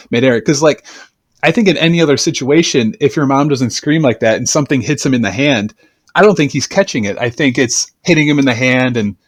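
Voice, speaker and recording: Brief: a relaxed male host chatting, dry recording. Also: medium pitch, no echo. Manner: relaxed and chatty, many fillers. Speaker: podcast host. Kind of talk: casual podcast chat.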